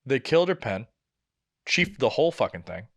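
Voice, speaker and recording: A man's voice: medium pitch, moderate pace. Profane storytelling young man. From New England. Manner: animated, profane, acts out quotes. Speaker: podcast co-host. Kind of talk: casual storytelling chat.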